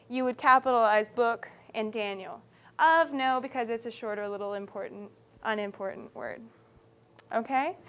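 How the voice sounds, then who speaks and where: High-pitched female teacher, animated classroom delivery, keeps checking in with her students. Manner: animated, checks understanding often. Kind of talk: classroom writing lesson.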